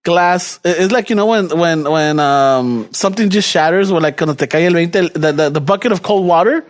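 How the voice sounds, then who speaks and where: High-voiced storytelling LA guy. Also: normal speed. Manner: profane, animated, acts out dialogue, mixes Spanish slang. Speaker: podcast co-host. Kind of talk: casual storytelling chat.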